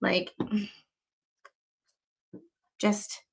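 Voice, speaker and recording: A woman hosting casual commentary on a court filing. She is blunt and sarcastic, swears freely, and her pitch jumps sharply when she is exasperated. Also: drawn-out words. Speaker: commentary channel host.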